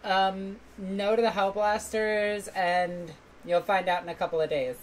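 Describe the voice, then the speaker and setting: A woman's voice: medium pitch, fairly even intonation, unhurried, slight background noise, poor audio. A young woman hosting a casual livestream, blunt and teasing, who swears freely while answering chat. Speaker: streamer host.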